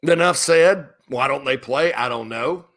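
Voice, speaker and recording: Bright-voiced, animated man talking sports. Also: mid-range voice, unhurried. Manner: animated, rambling storyteller with frequent restarts. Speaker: sports talk show host. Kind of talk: casual sports chat.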